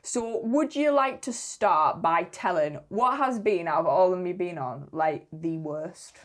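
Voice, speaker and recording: A woman from England co-hosting a podcast, chatting casually and teasing her co-host with quick jokes. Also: fairly low pitch, animated. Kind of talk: casual chat.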